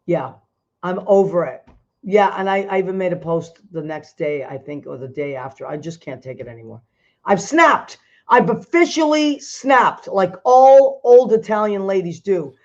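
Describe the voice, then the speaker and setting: A middle-aged woman hosting a casual chat show, animated and quick to laugh. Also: fairly low pitch, highs cut off. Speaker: host.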